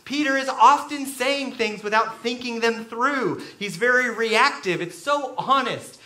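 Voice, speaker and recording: A man preaching a sermon to a room full of listeners, swinging between quiet reflection and loud emphasis as he acts out quoted voices. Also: extremely high pitch, a little slow, echoey room. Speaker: pastor. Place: large room with an audience.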